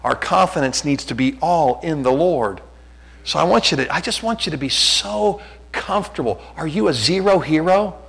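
A man's voice: a little high, lively intonation, normal speed, vocal fry, a bit bright, breathy edge, low-quality recording. A middle-aged man preaching a sermon as a pastor, conversational and self-deprecating, often restarting his sentences.

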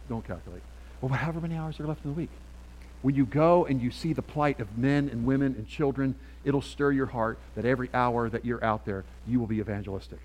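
A middle-aged man preaching a sermon as pastor, emphatic and swinging from quiet asides to loud calls. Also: mid-range voice, poor audio.

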